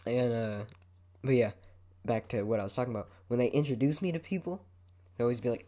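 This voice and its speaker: Fast and expressive, a young man's dark-toned, mid-range voice carries his casual solo podcast monologue. He rambles, stays laid-back, swears a lot, and his head keeps moving around the microphone.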